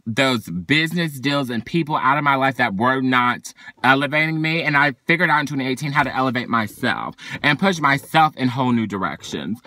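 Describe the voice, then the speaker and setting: A young man venting to camera from his car in a sassy, dramatic monologue. He swings between loud outbursts and weary sighs. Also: fairly high pitch, no echo, studio quality. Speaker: vlogger. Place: parked car.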